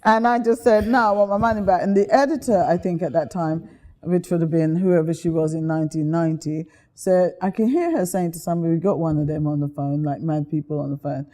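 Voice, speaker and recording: A woman from the UK, an interview guest telling lively stories in a chatty, animated way. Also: deep voice, quick pace. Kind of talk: animated storytelling.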